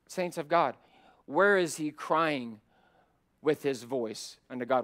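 Impassioned preaching pastor, fairly high voice. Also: male voice, slow pace. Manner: preaching with big swings from loud emphatic climbs to low quiet asides. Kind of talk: sermon. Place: church sanctuary.

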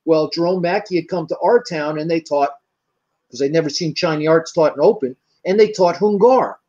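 An older man from the United States spins long, rambling anecdotes as an interview guest, slipping into the voices of the people he quotes. His voice sits high for a man, and the recording is muffled and lo-fi. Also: moderate pace, mellow. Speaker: martial arts grandmaster, interview guest. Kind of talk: storytelling in an interview.

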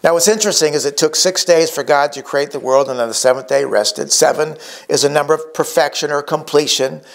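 A middle-aged male pastor preaching a sermon, emphatic and slowing down to stress key words. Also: fairly high pitch, vocal fry.

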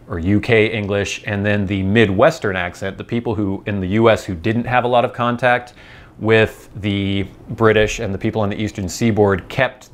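A man with a General American accent, his voice sitting fairly low. He talks in a loose, rambling way, thinking aloud and explaining as he goes. It sounds like a relaxed solo vlog. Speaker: vlogger. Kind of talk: casual rambling monologue.

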